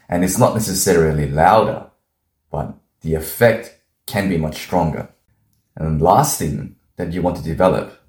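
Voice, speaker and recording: A man with a low, deep voice teaches how to speak with influence. He talks in a deliberate, measured way and acts out each technique as he explains it. The room around him is noticeably echoey. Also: darkish tone. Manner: deliberate, demonstrates changes in his voice. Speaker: voice coach. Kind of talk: instructional talk.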